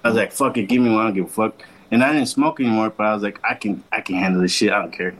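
A young man with a fairly low yet fairly bright voice races through a long podcast story, speaking very fast. Relaxed and slangy, he curses constantly and quotes people in their own voices, over a rough recording with a little hiss or hum.

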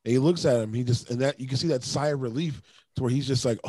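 A man's voice: mid-range voice, quick pace, mellow, dry recording. Laid-back man on a podcast, dry sound. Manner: laid-back, swears freely, acts out quotes. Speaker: podcast co-host. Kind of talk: casual movie discussion.

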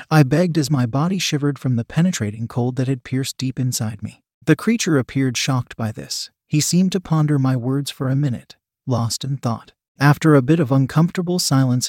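A man reading a first-person story aloud with steady, even narration. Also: medium pitch, no echo, studio quality. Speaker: reader.

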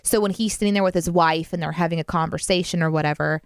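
A woman chatting casually as a co-host about a movie, animated and full of restarts. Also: fairly low pitch, fast, clear, resonant tone, no room sound, clean studio sound. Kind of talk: casual chat.

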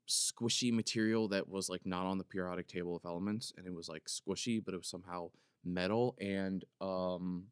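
A man's voice: low voice, fairly even intonation, moderate pace, hardly any pauses, clear, resonant tone, dry recording, studio quality. A man hosting a podcast, telling a long story in a casual, rambling way full of "like" fillers. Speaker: podcast host. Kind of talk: casual comedic monologue.

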